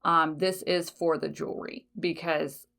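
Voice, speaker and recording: A podcast host talks casually on her own, laughing often, swearing lightly, and correcting herself with frequent fillers. Her low-pitched voice is fairly bright with vocal fry, fairly even intonation, and a slightly slow pace.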